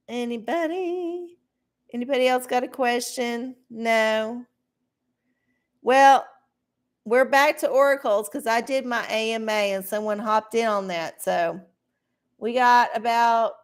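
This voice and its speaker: A woman's voice: fairly high pitch, takes it slowly, creaky, smooth. A woman hosting a casual livestream, rambling bluntly with plenty of swearing and self-mockery. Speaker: livestream host doing oracle readings.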